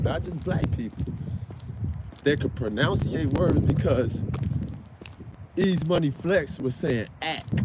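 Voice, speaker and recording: A man's voice: mid-range voice, very noisy. A man from Chicago with a Chicago accent, hosting a casual livestream rant and rambling, often stopping to search for words. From Chicago, USA. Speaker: livestream host.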